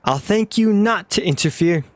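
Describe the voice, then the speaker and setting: A man reading the lines of a calm, formal older male mentor aloud. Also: high voice, moderate pace, no echo.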